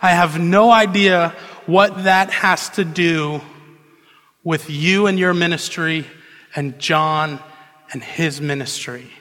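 A male pastor preaching a sermon in a conversational, animated storytelling manner, in a church hall. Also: fairly high pitch, takes it slowly. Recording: long reverb of a large hall.

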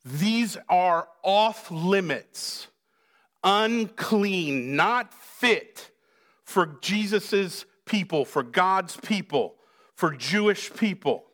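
A man preaching a sermon in a loose, conversational way, with jokes and little acted-out quotes. His voice sits high and sounds bright. He takes his time and speaks at an unhurried pace. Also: animated. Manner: conversational, jokey, acts out quoted lines. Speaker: pastor.

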